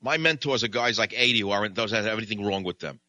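Talk show guy rambling thru a funny story, really bright voice, dry close mic. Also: fairly low pitch, quick pace, no echo. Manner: animated, rambling anecdotes. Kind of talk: comic storytelling monologue.

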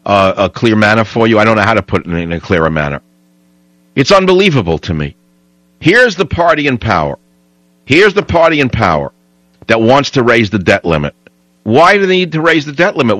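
A man's voice: lowish voice, fairly bright tone, dry recording, rough recording. Combative ranting radio talk host, man.

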